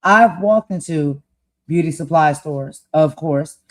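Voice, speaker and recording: A woman from the United States hosting a political talk show, speaking with impassioned conviction and growing loud as she makes her points. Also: low-pitched, slow pace. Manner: impassioned, grows loud and emphatic. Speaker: host. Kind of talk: heated political commentary.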